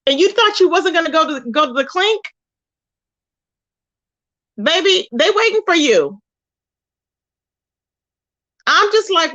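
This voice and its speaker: A woman hosting a casual livestream, telling stories in an animated, expressive way with loud exclamations. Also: extremely high pitch, normal speed, pauses often, muffled recording. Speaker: livestream host.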